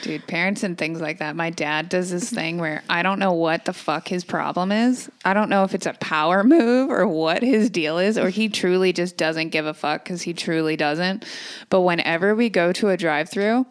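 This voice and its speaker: A woman's voice: lowish voice, moderate pace, clear, resonant tone. A young woman co-hosting a casual podcast, speaking bluntly and swearing offhandedly. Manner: blunt, swears casually, plain conversational delivery. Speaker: podcast co-host. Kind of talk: casual chat.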